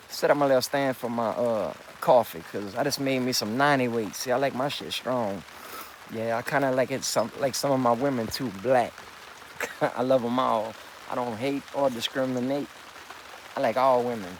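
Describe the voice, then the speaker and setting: A middle-aged man rambles insistently to camera, swearing freely. His voice sits a bit high for a man. Faint rain can be heard behind him. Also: creaky, a little hiss or hum, low-quality recording. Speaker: vlogger.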